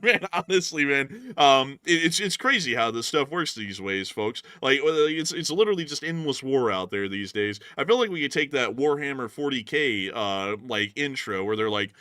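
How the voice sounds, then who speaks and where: A man hosting a casual livestream news show, jokey and quick to laugh. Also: mid-range voice, expressive, sharp tone, no room sound, clean studio sound. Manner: jokey, laughs often, repeats sign-off phrases.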